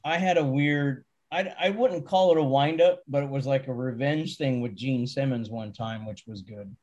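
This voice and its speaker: A man's voice: mid-range voice, moderate pace, a little mellow, muffled recording. A man telling backstage touring stories in a casual chat, often laughing and acting out quotes. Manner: laughing anecdotes, acts out quotes. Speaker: touring stagehand.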